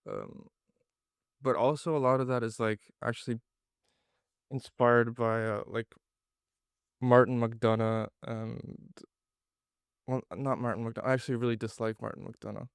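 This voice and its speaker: Irish guy talking about his plays, flat delivery, swears, dry close mic. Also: medium pitch, unhurried, vocal fry, long pauses, clean tone, no echo. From Ireland. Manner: blunt, profane, self-deprecating. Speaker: playwright guest. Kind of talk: casual interview.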